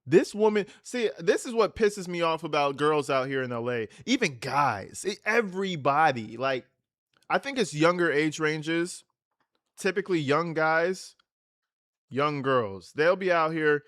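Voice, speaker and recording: A man's voice: on the high side, animated, measured pace, a bit bright, dry recording, clean studio sound. A man hosting a livestream, reacting to a clip with profane, slangy, mocking rants. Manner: slangy, casual. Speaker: livestream host.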